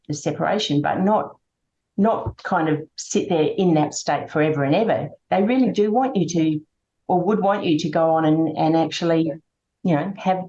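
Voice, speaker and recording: Low-voiced woman in an echoey room. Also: mellow. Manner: reflective, hesitant with many fillers. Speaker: grief and happiness coach, guest. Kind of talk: conversational interview. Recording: echoey room, dull lo-fi sound.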